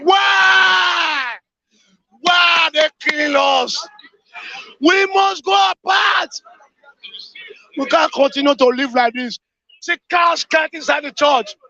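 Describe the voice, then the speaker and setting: A man calling in to a talk show, shouting and weeping as he repeats the same grief-stricken lines. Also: extremely high pitch, slow pace, creaky, long pauses, dry recording, highs cut off, a faint crowd. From Nigeria. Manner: shouting, repetitive, anguished. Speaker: caller. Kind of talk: impassioned call-in rant.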